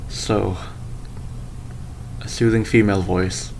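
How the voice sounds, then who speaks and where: A man's voice: fairly low pitch, fairly even intonation, slow, vocal fry, a little mellow, slight background noise. A man playing a tabletop game, stating his character's actions with stammers and repeats. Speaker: player.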